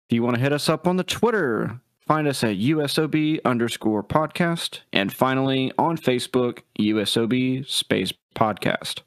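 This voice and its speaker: Dude speed-reading the podcast socials, clear voice, dry. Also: male voice, mid-range voice, no room sound. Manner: rapid, rattled-off announcement. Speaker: podcast host reading contact info. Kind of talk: podcast intro read.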